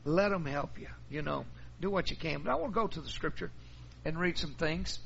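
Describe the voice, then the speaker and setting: Gravelly pastor, folksy sermon. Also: male voice, on the high side, a little fast, a bit bright, lo-fi sound, a little hiss or hum. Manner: folksy storytelling.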